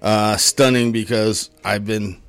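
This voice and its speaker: A man's voice: lowish voice, fairly even intonation, slow, clean tone, no room sound. A man in his forties co-hosting a live local radio show outdoors, talking in an enthusiastic, rambling way that keeps restarting. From Nevada, United States. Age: 40s. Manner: enthusiastic, rambling, self-interrupting. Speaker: volunteer radio co-host. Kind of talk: casual radio chat. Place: outdoors at a parking lot concert stage.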